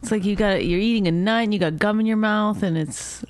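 A woman's voice: medium pitch, a little fast, no echo. A woman co-hosting a podcast, rambling and complaining in casual chat, swearing freely. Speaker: podcast co-host.

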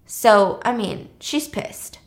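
A woman's voice: mid-range voice, expressive, slow pace. A woman casually retelling a film's plot with chatty, slangy asides and laughs. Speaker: storyteller host.

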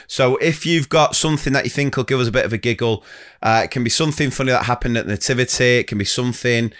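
A man's voice: medium pitch, fairly bright tone, smooth. A young adult man co-hosting a teachers' podcast, reading listener stories in casual chat and laughing often.

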